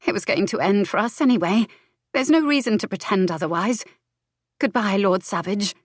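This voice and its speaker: A woman's voice: medium pitch, moderate pace, no room sound, clean studio sound, natural voice. A woman voicing a heartbroken young noblewoman in a romance audiobook, tearful and pleading. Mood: cold.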